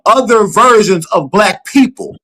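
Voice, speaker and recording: Emphatic Black man, higher voice. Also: unhurried, low-quality recording. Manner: animated, emphatic, ranting. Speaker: co-host. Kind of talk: casual podcast chat.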